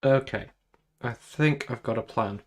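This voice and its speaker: A man's voice: medium pitch, measured pace. A man chatting casually while drawing on a live stream, rambling through self-deprecating asides about tech trouble into a desk microphone in a small home room. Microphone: desk microphone plugged into computer.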